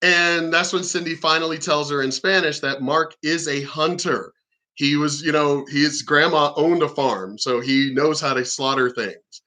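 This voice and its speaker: A man's voice: fairly high pitch, steady tone, unhurried, sharp tone. A man telling stories and ranting in a blunt, profane, combative monologue. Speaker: vlogger.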